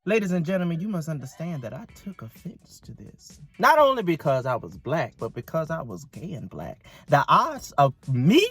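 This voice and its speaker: Animated man telling a story. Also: on the high side, normal speed, hardly any pauses, slightly rough, faint music behind. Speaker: movie reviewer. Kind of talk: casual video review.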